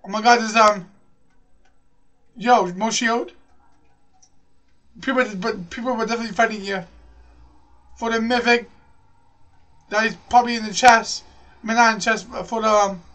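A man giving excitable live gameplay commentary as a channel host, repeating himself and calling everyone "bro". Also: high voice, normal speed, pauses often, distant mic. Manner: excitable, repeats phrases, says "bro" constantly.

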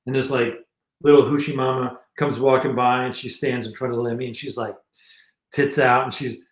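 A man's voice: medium pitch, flat delivery, moderate pace, echoey room, poor audio. A man, a guest musician telling casual anecdotes with lots of restarts. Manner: rambling anecdotes with many restarts. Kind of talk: casual storytelling interview.

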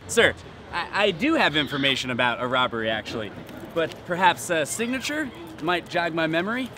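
An actor playing a sly, wheedling street canvasser chasing signatures. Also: male voice, a little high, big pitch swings, fairly quick, noisy background. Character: pushy male street canvasser.

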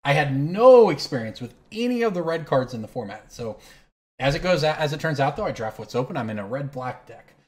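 A man's voice: on the high side, brisk. A man hosting a card game stream, telling a long anecdote between moves, rambling and correcting himself as he goes. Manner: rambling, self-correcting, animated storyteller. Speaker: host playing online card game. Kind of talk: casual storytelling while playing.

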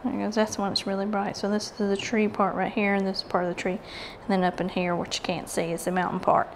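A woman's voice: medium pitch, little pitch movement, fast talker, hardly any pauses, a little hiss or hum. A woman with a Southern US accent hosting a casual craft video, chatty and rambling as she works. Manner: rambling, chatty and self-deprecating. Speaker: craft channel host. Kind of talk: casual craft tutorial chat.

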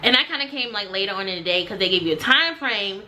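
A young woman telling a storytime vlog, animated and acting out the people she quotes. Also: mid-range voice, fast talker, slight background noise. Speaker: vlogger.

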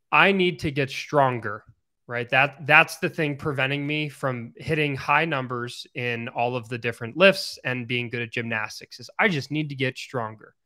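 A chatty male podcast co-host with a bright, forceful voice. He rambles through casual stories at an easy conversational pitch.

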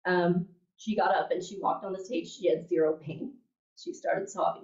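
Woman instructor, lowish voice, chatty, keeps asking "okay?", recorded from a distance with a dull sound. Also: moderate pace, darkish tone. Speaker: class instructor. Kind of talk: teaching a class, telling a story. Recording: echoey room, mic at a distance, dull sound.

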